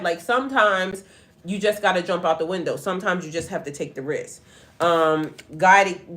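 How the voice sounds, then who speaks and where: A middle-aged woman, a tarot reader and spiritual life coach, speaks in a medium-pitched, fairly bright voice. She gives a casual tarot reading on a livestream, addressing viewers directly and slipping into profane stories full of laughter.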